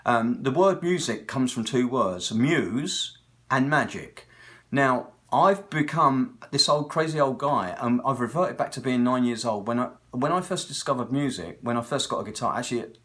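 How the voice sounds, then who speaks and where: A man's voice: medium pitch, expressive, normal speed, a bit bright. Rambling British man in his sixties. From Britain. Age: 60s. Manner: digressive, talkative, tangent-hopping storyteller. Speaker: guitar technician. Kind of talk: casual rambling monologue.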